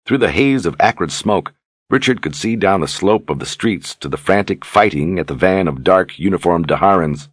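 A man reading a fantasy novel aloud in steady, measured scripted narration. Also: deep voice, breathy edge, dry recording. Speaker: audiobook narrator.

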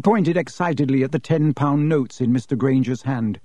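A man reading a storybook aloud in a measured, even narration. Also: mid-range voice, no echo. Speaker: audiobook narrator.

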